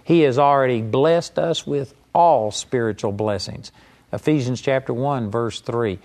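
A man's voice: mid-range voice, measured pace, a little mellow. Earnest man preaching a sermon. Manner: earnest, mimics whiny pleading voices in quotes. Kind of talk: sermon teaching.

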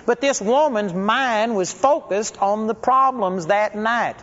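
High-voiced preacher in an echoing hall. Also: male voice, slow pace, fairly bright tone. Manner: conversational, folksy storytelling. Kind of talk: storytelling sermon. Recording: dull lo-fi recording with long hall reverb.

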